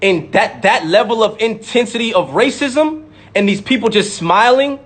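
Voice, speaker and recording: A man's voice: high voice, expressive, normal speed, a bit bright. A man, a rapper, delivering an impassioned, profane monologue to camera and repeating words for emphasis.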